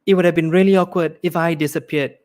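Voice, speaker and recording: A young man from Malaysia performing a livestreamed stand-up set, acting out characters. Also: fast. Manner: animated, acts out characters with big pitch swings. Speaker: stand-up comedian.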